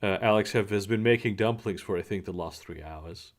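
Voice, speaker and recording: A man hosting a charity livestream in casual group chat, animated and often laughing. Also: lowish voice, brisk. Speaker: livestream host.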